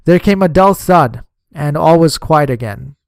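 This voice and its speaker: A man narrating a memoir in a measured, steady audiobook reading on a close microphone. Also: a little high, vocal fry, no echo.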